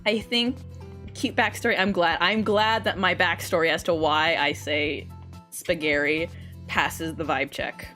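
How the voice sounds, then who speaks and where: A woman's voice: lowish voice, fairly even intonation, a little slow, bright, forceful tone, faint music behind. A young woman chatting casually on a livestream, giggly and talkative, laughing often between her words. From raised in an English-speaking country by a Korean mother.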